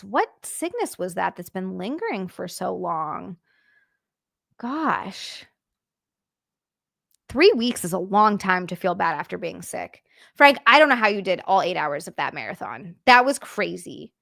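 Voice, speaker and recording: A woman's voice: mid-range voice, vocal fry, a bit bright, dry recording, studio quality. A young adult woman streaming from home, reading viewer comments aloud and chatting back casually with frequent swearing and sympathetic frustration. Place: home room, on a couch.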